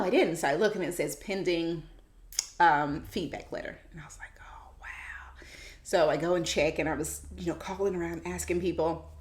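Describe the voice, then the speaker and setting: A woman in her thirties hosting her own podcast, chatting casually and animatedly, with quick asides and quoted remarks from friends. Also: on the low side. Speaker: podcast host. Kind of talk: casual solo podcast chat. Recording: roomy echo.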